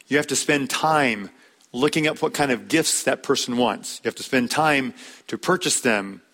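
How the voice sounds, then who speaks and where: Man preaching a slow measured sermon. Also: medium pitch, a bit bright. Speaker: pastor.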